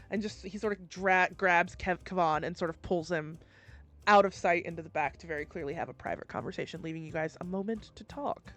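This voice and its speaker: A woman narrating as game master in a casual, halting way with many fillers. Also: lowish voice, a bit bright.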